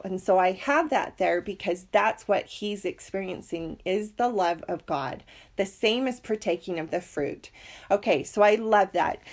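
A woman's voice: medium pitch, darkish tone. A middle-aged woman teaching a scripture lesson, reading verses and sharing a personal story in an earnest, heartfelt way.

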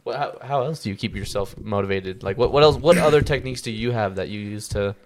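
A man's voice: on the low side, fast. Man rambling in casual chat. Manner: rambling, lots of "like" fillers and restarts.

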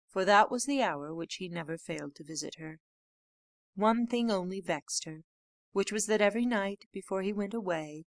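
Woman reading a fairy tale audiobook, lowish voice, measured, dry close mic. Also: gravelly, dry recording. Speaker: audiobook narrator. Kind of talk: storybook reading.

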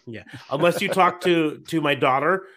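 A man's voice: a little high, normal speed, a crowd in the background. A man in his thirties hosting a casual podcast, rambling through wrap-up plugs with plenty of ums and restarts. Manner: relaxed, rambling with many fillers. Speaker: podcast host.

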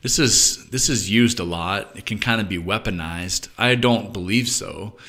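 A man's voice: lowish voice, a little slow, pushed and bright. A man teaching a reflective Bible study, thinking aloud and often restarting his sentences. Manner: thoughtful, musing aloud with frequent restarts.

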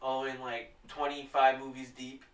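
A man's voice: medium pitch, monotone, a little fast, far from the mic. A man who is a podcast guest, chatting in a laid-back way and laughing often. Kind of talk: casual chat. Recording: echoey room, off-mic.

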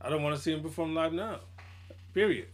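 A podcast co-host with a fairly high pitch keeps a brisk pace in casual chat. He tells stories in slang, animatedly acting out quotes from other people.

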